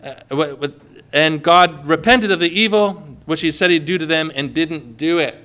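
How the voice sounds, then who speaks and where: A man delivers an emphatic sermon in a high, bright voice. He drives his points home and slips into quick voices for the people in his stories. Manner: emphatic, acts out quoted voices. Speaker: preacher.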